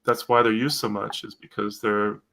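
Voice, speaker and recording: A man's voice: fairly low pitch, level tone, moderate pace, fairly bright tone. An American man co-hosting a live stream, chatting casually in a rambling way and reading out viewer comments. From United States.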